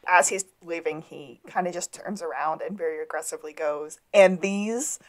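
A woman with a somewhat low voice co-hosts a casual podcast. She retells TV episode scenes in a relaxed, wry manner. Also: a little fast. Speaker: podcast co-host. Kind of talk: casual recap chat.

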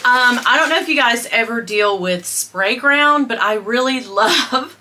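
Gushing woman in her fifties, lively. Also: on the high side, a little slow, slight background noise. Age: 50s. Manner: gushing, squeals and gasps with delight, talks to viewers as girl and y'all. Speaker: beauty and fashion vlogger. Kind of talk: excited haul video chat.

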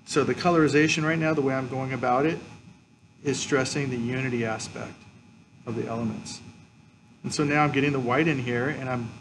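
A man's voice: medium pitch, fairly even intonation, fairly quick, background noise. A man teaching a colored pencil drawing lesson, explaining each step as he works. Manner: explains step by step, frequent "okay". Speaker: art teacher. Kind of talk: drawing tutorial with demonstration.

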